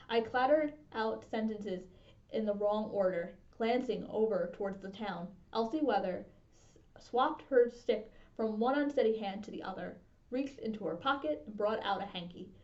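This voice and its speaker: A woman's voice: medium pitch, normal speed. Woman reading a storybook aloud. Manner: steady expressive reading. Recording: dull lo-fi sound.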